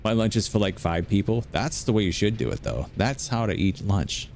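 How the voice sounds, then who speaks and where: A man's voice: on the low side, expressive, normal speed, darkish tone, slight background noise. An American man chatting casually while playing a video game, rambling through stories and restarting his sentences. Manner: rambling, anecdotal, self-interrupting. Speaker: gameplay commentator.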